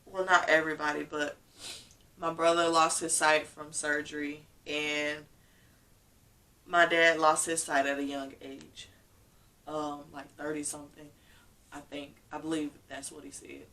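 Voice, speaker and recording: A woman's voice: sits low, little pitch movement, unhurried, sharp tone, far from the mic. A woman vlogger telling a personal story candidly and emotionally, acting out what people said.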